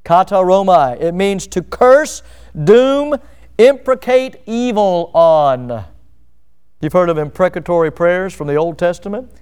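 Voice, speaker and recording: A man delivers a sermon in a high, smooth, resonant voice. He is emphatic, poses rhetorical questions, and acts out the words of others. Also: darkish tone. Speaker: pastor.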